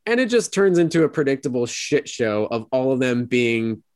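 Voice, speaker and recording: A man co-hosting a podcast, recapping an episode in a rambling casual way and acting out quoted lines in high voices. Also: very animated, normal speed, a little mellow, clear, resonant tone, no room sound, clean studio sound. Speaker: podcast co-host.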